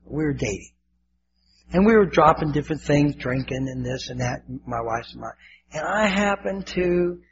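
A man's voice: medium pitch, gravelly. An older man preaching a sermon as pastor, fervent and emotional, repeating his words. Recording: dull lo-fi with faint hiss.

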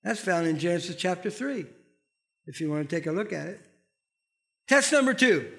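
A middle-aged man preaching with a strikingly high-pitched voice. He leans on emphatic, conversational delivery and keeps putting questions to the congregation. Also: animated, moderate pace, gravelly, fairly bright tone. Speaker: pastor. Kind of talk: sermon.

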